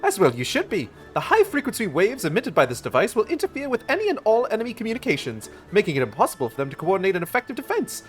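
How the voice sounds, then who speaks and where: A man's voice: sits high, huge pitch swings, fast talker, few pauses, faint music behind. A man voicing a boastful male chief inventor who announces his creation in a grand, showy manner. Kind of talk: reading game dialogue aloud in voices.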